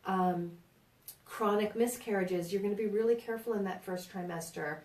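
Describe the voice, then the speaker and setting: A woman's voice: mid-range voice, moderate pace, darkish tone. Chatty New York woman, birth educator, roomy sound from a distant mic. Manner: chatty, reassuring, asks "right?" often. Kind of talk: informal prenatal class talk.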